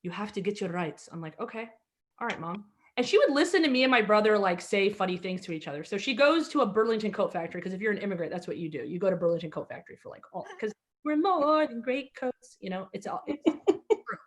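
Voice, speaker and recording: A woman's voice: mid-range voice, big pitch swings, quick pace. A woman born in Egypt, hosting an online comedy show over a video call, telling rambling stories with many fillers and restarts. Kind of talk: stand-up storytelling between acts.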